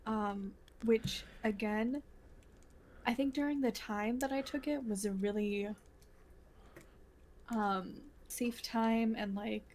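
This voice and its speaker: A woman's voice: a little high, fairly even intonation, takes it slowly, long pauses, darkish tone, slight background noise. A woman co-hosting a podcast in casual chat, rambling with many fillers and restarts. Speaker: podcast co-host.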